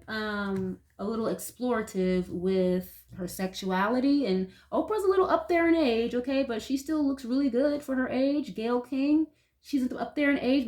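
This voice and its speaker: A woman's voice: on the high side, darkish tone. A woman reading tarot cards for her viewers in a loose, chatty way, leaning on "like" and swearing now and then. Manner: chatty and loose, heavy use of "like", occasional swearing. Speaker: tarot reader.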